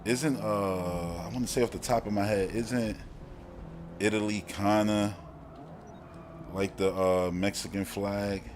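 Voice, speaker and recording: A man's voice: on the low side, fairly even intonation, unhurried, long pauses, a little mellow, slight background noise. A man with a Brooklyn accent, hosting a casual live-stream chat in a slangy, rambling way and laughing often. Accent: Brooklyn, New York. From Brooklyn, New York. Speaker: podcast host.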